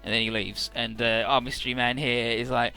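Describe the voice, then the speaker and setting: A man's voice: mid-range voice, little pitch movement, a little fast, gravelly, pushed and bright, soft background music. A man giving casual, rambling commentary on a game, hesitant and swearing casually. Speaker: let's play commentator.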